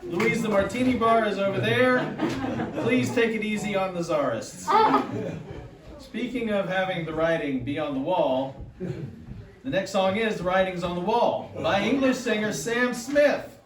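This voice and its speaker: A man's voice: sits high, unhurried. A man as emcee of a live concert, introducing songs with jokey, pun-filled patter before an audience. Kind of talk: stage announcing between songs. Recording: echoey live hall from far off with audience.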